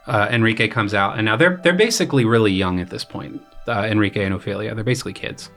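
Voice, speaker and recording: A man's voice: lowish voice, fast talker, few pauses, soft background music. A young man, a graduate student composer, casually explaining his opera in a podcast chat, with lots of fillers. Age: young adult. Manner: relaxed, explains with many fillers and paraphrased quotes.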